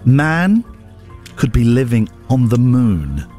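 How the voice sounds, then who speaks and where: A man's voice: medium pitch, sing-song, slow pace, dark tone, faint music behind. A man hosting a casual morning radio show, bantering in a playful, mock-indignant way. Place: radio studio. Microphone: studio microphone.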